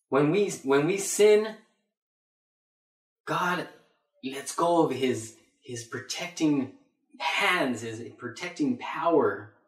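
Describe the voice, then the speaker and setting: Slow, emphatic male preacher. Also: a little high. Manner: emphatic, repeats phrases. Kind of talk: Bible teaching sermon. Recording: roomy echo.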